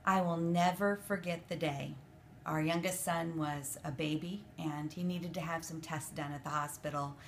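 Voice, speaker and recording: A woman's voice: deep voice, steady tone, moderate pace, a little hiss or hum. A middle-aged woman hosting a short radio devotional, telling a personal story in an earnest, encouraging way.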